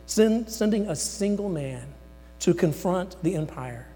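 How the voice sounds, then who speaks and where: Male pastor, slightly high voice, theatrical sermon delivery with big dynamic swings; long reverb, light hum. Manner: dramatic, voices the words of God and Moses; swings between loud emphasis and near-whispers. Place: church sanctuary.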